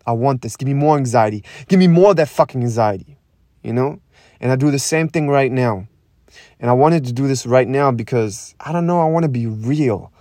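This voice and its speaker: A man's voice: mid-range voice, warm tone, no room sound. Young man, podcast host, intense, profane, repetitive, dry close sound. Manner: intense, repetitive, swears a lot, pauses to breathe. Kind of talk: raw unscripted monologue.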